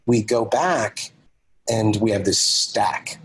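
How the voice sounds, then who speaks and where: A man with a fairly low, breathy voice speaks slowly on a rough recording. He's a podcast guest and author telling a personal story, animatedly acting out the dialogue of the people in it.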